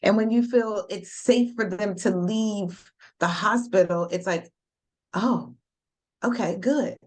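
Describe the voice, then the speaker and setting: A woman's voice: medium pitch, unhurried, darkish tone. Supportive woman podcast host. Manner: supportive, affirming interjections. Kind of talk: casual chat.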